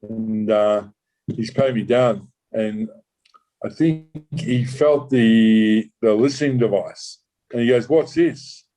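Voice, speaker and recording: A man, a former undercover cop, recounting a true story in an interview, halting with many restarts and swearing casually. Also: on the low side, mellow, low-quality recording. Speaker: former undercover police officer.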